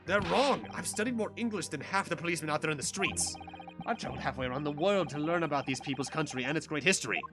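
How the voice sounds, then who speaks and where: A man's voice: fairly high pitch, fast, music in the background, natural voice. A man reading as a pleading accused student. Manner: pleading, dejected. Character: anxious young male foreign student, accused.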